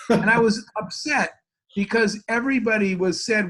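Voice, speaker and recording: A man from the United States telling a story as an interview guest, acting out both sides of the dialogue with lively energy. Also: high voice, moderate pace.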